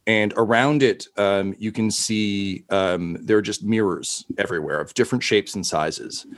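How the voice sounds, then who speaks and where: A man narrating a tabletop game as its dungeon master. His voice sits a little low, and he describes each scene slowly, pausing often. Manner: halting, full of ums and uhs, slow descriptions.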